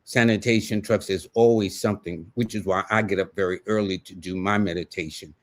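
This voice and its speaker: An American man with a New York accent and a low, steady voice talks fairly quickly while giving live numerology readings. He's folksy and conversational in this casual livestream, addressing viewers by name.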